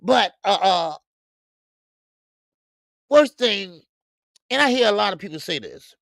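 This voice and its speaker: A man's voice: high voice, animated, slow pace, vocal fry, fairly bright tone, no echo, studio quality. A man hosting a casual boxing talk livestream, slangy and rambling, greeting chat viewers by name and stumbling into stammered restarts. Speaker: boxing show host. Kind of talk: casual live-stream talk.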